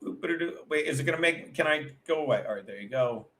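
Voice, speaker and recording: Speaking fast at a medium pitch, the man sounds expressive and a little bright. He's running a livestream, where he chats with the people watching while stumbling through a crude, rambling funny story full of self-interruptions.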